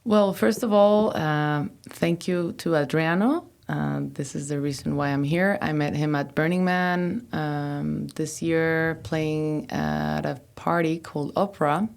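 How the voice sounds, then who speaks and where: A woman DJ and producer from Mexico and Norway, chatting casually in an interview, relaxed and rambling with lots of fillers. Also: deep voice, slow, gravelly, hardly any pauses. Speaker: DJ and producer guest. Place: artist room of a venue.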